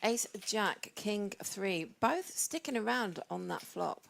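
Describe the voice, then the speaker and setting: A woman's voice: medium pitch, animated, takes it slowly, creaky, a bit bright. A woman giving casual live poker commentary, chatty and playful in her banter.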